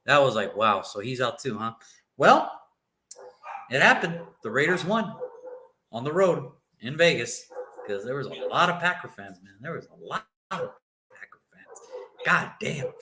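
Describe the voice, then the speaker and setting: A man's voice: mid-range voice, big pitch swings, moderate pace, roomy sound, background noise. A man co-hosting a sports show, chatting loosely about football picks and rambling as he swears freely. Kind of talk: casual sports prediction chat.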